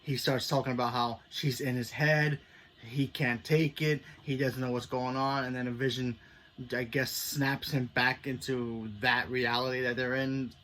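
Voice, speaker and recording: A man's voice: medium pitch, little pitch movement, unhurried, a bit bright, slight background noise. A man giving a casual spoiler review of a TV episode, talking loosely and filling gaps with "you know" and "like". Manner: thinking aloud, self-correcting. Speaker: TV show reviewer.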